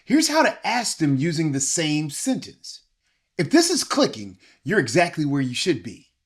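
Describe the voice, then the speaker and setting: A language teacher delivering a scripted video lesson in an encouraging, coaching manner, switching between English and Spanish phrases and repeating example sentences slowly for learners. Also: medium pitch, wildly swooping pitch, slightly rough.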